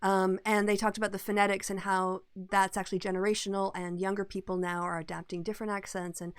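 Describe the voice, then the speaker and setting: A woman's voice: mid-range voice, flat delivery, quick pace, clear, resonant tone, no echo, studio quality. A woman co-hosting a casual political chat show, talkative, laughing often and drifting into tangents. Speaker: podcast co-host.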